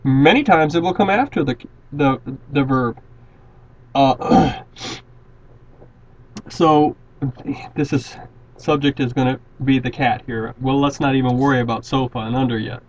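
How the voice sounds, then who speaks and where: A man's voice: medium pitch, a little slow, long pauses, a little hiss or hum. A man teaching a grammar lesson, patiently walking through example sentences and often restarting his words. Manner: patient, repeats and restarts words while explaining. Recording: dull lo-fi classroom recording.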